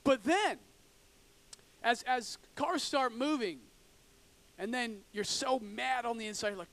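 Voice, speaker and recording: A man preaching a sermon in an animated way, acting out frustrated drivers and swinging between loud outbursts and hushed asides. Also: very high-pitched, unhurried. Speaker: pastor.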